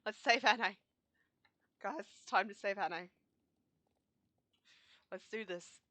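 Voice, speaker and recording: A woman's voice: mid-range voice, slow pace, pushed and bright, dry recording. Emotional young woman playing a game. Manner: emotional, reactive. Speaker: gaming YouTuber. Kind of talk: game commentary.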